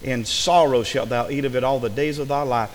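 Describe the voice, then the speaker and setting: A man's voice: mid-range voice, fairly even intonation, brisk, long reverb tail, a little hiss or hum, rough recording. A male pastor, preaching a sermon emphatically and acting out the voices of the people he quotes. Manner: emphatic, acts out quoted speakers. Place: church sanctuary.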